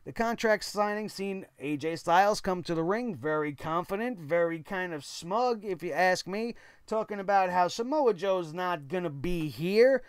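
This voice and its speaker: Blunt, high-voiced male show reviewer. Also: lively intonation, normal speed, smooth, no room sound, clean studio sound. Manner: blunt, opinionated, swears casually. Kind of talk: casual commentary monologue.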